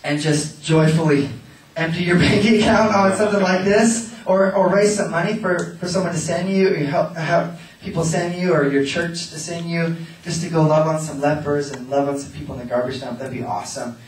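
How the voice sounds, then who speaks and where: A man preaching in a big echoing hall, his high voice carrying from a distance off the mic. He laughs through his words, shouts, and slips into nonsense chants at a revival meeting. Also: steady tone, normal speed. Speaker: traveling minister. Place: large hall at a revival event. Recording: echoey hall, voice from far off.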